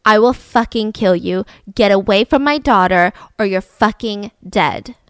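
A woman's voice: fairly high pitch, sing-song, fairly quick, pushed and bright, dry recording. Woman narrator as an angry middle-aged dad, clipped and threatening, dry sound. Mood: menacing. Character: furious middle-aged father, short-tempered and threatening.

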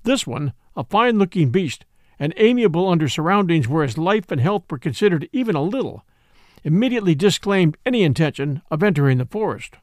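A man hosting a show and reading a classic western novel aloud in an expressive storytelling manner. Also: on the high side, fairly quick, dry recording, clean studio sound. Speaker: host and audiobook narrator.

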